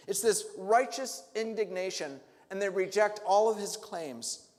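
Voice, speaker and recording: A man's voice: high-pitched, moderate pace, big-room sound. A male pastor preaching a sermon, asking the congregation reflective questions and rising to emphatic peaks. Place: church sanctuary.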